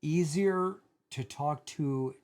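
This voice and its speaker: A man's voice: fairly high pitch, takes it slowly, a little mellow. A man co-hosting a podcast, mostly giving short listening replies and dropping dry quips. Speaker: podcast co-host. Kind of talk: casual conversation.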